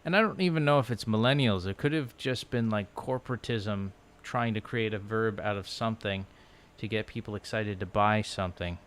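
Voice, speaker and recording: A man vlogging from a low couch at home into his laptop, musing aloud in a loose, rambling way full of "like" and restarts. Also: normal speed, hardly any pauses, a bit bright. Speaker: language-learning vlogger. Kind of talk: casual rambling chat. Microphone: laptop microphone.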